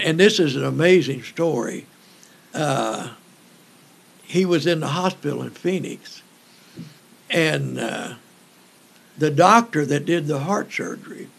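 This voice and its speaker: Older evangelist, man; unhurried, joking storyteller with a rough, gravelly edge. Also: fairly high pitch. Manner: folksy, joking, halting with fillers. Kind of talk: storytelling in an interview.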